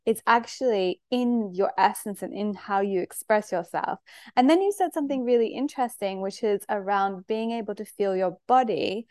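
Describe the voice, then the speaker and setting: A woman hosting a podcast, talking in an animated, candid way and not shy of blunt words. Her voice sits in a middle register and sounds close and dry, with no room echo. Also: medium pitch, normal speed. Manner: animated, candid storytelling with frank language. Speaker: podcast host. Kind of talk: conversational podcast interview.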